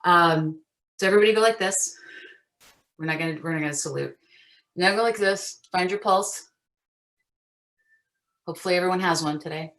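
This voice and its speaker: A woman teaching an acting master class over a video call, chatty and animated with frequent fillers. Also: on the low side, normal speed, long pauses.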